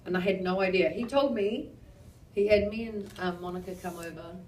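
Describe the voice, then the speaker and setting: A woman's voice: lowish voice, a little fast, darkish tone, slight background noise. A woman from New Zealand with a New Zealand accent, telling stories as a guest at a live panel, chatty and self-mocking with frequent swearing. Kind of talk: rambling live panel talk. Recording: roomy hall audio, distant mic.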